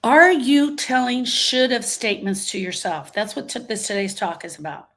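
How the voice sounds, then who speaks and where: This woman's voice is fairly high in pitch at a moderate pace. Leading a live grief coaching talk in a motivational livestream, she is emphatic, asks rhetorical questions throughout and warmly reads comments from her audience.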